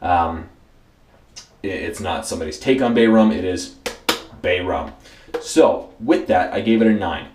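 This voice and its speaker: A man's voice: sits low, lively intonation, measured pace, long pauses, darkish tone, slight background noise. A man hosting a casual product review, easygoing and repeating words for emphasis, with frequent fillers. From United States. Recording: roomy echoey room.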